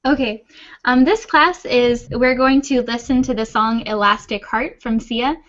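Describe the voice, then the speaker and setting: A woman's voice: on the high side, measured pace, a bit bright, dull audio. A woman teaching an English class over a video call, patient and reassuring. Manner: patient, reassuring, laughs often. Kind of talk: online class, friendly explaining.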